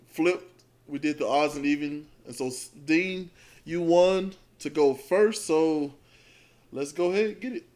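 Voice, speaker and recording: A man co-hosts a casual podcast. His voice sits a little on the high side. He jokes loosely and keeps things easygoing. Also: a little mellow. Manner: joking, easygoing, talks to his family while hosting. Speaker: podcast co-host. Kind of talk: casual chat.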